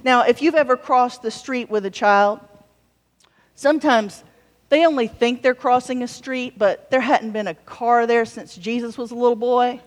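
A woman with a fairly high voice preaches a sermon, easy and conversational, dropping wry jokes between her points. Her voice rings out with a long reverb, as if she were in a large hall. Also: normal speed. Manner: warm conversational preaching with wry humorous asides. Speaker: pastor.

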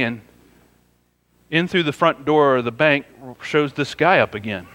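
A pastor with a medium-pitched, fairly bright voice preaches a sermon in a conversational, storytelling style, frequently saying "you know." The sound has a big-room quality.

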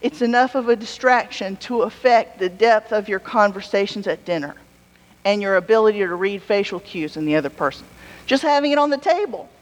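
A woman preacher giving a sermon in a relaxed, conversational way, telling stories with humorous asides. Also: on the high side. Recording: long hall reverb.

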